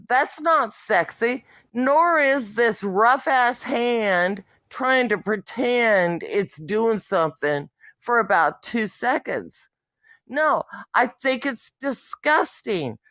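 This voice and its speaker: A woman's voice: fairly high pitch, fairly bright tone, dry recording. A woman vlogger in a candid monologue, talking bluntly and profanely with an exasperated edge.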